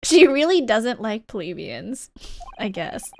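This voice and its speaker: A woman's voice: fairly high pitch, animated, a little slow, long pauses, a little mellow. Bubbly giggly woman streamer. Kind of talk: live game stream chat.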